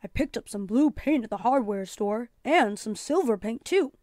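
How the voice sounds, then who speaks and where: Woman doing a gentle encouraging dad from a kids story, dry close voice. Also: a little high, expressive, moderate pace, no room sound, natural voice. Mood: pleased. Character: kind patient father, handy with tools.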